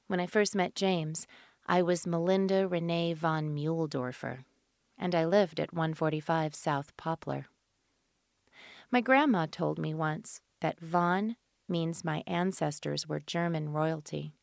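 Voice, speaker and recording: Woman reading audiobooks, slow and measured, really low voice. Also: creaky, dry recording, studio quality. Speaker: audiobook narrator. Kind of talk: scripted audiobook narration.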